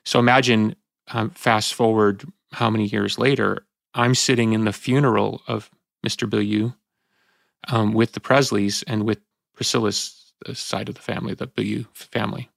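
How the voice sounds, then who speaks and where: A man in his fifties speaks as a podcast host, reflective and halting. His voice is gravelly and recorded close and dry, and he often breaks off and restarts as emotion catches him. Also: lowish voice, level tone, fairly bright tone, no room sound. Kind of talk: reflective conversational talk.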